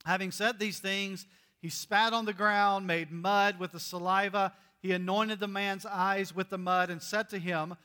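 A man's voice: sits high, level tone, a little slow, pushed and bright, long reverb tail. A man preaching a conversational sermon, reading scripture aloud and joking with the congregation. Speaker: pastor.

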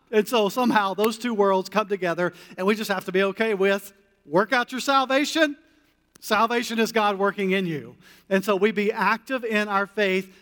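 A man preaching a sermon as a pastor, animated, with incredulous rhetorical questions. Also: sits high, in a large hall.

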